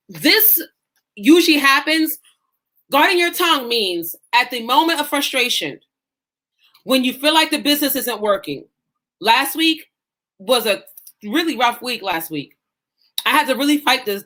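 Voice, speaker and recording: With a fairly high pitch that sounds pushed and bright, a faith-based life coach addresses her group. Her delivery is emphatic, passionate and preacherly, complete with quoted self-talk acted out.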